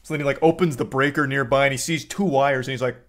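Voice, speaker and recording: A man's voice: medium pitch, steady tone, fast, fairly bright tone. A man streaming live, bluntly and profanely ranting about a movie to his chat in casual talk.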